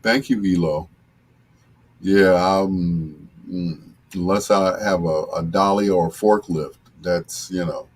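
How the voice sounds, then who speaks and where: An older man hosting a casual live stream with a deep, husky voice, chatting in a relaxed, joking way as he reads out viewer comments. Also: takes it slowly. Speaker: host reading viewer comments.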